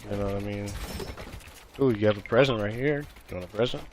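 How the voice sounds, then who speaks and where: A man talks through a live game stream in a fairly low voice, wandering and repeating himself with lots of fillers. Gunshots and game noise sound clearly beneath his voice. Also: quick pace. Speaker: gaming streamer. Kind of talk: live gameplay commentary with viewers. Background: gunfire and game sounds.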